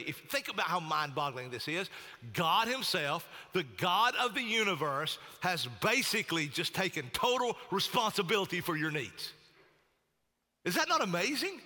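A man's voice: high-pitched, pushed and bright, long reverb tail. A male pastor preaching a sermon in a conversational yet emphatic way, often repeating key phrases for weight.

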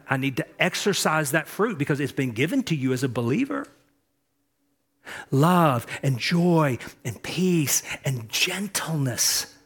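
A man preaching a sermon as pastor, repeating key phrases and swinging between soft asides and loud emphatic lines. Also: fairly high pitch.

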